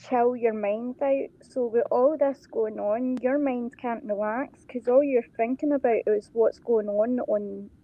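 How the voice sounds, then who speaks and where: A woman on a call speaks in a reassuring, supportive way. Her voice sits slightly high. The line sounds dull and lo-fi. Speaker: guest on a call. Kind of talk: casual chat.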